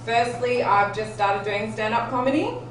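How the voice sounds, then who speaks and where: A woman's voice: a little high, moderate pace, noisy background. A woman in her thirties with an Australian accent, performing a stand-up comedy set with self-deprecating, giggly storytelling. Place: comedy club stage with live audience. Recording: echoey room, distant mic, loud ambience.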